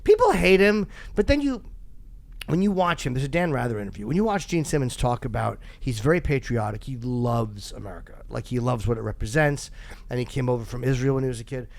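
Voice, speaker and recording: A man's voice: medium pitch, animated, fairly quick, vocal fry. A man hosting a podcast, telling rambling, self-deprecating stories in casual chat and laughing often. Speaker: podcast host.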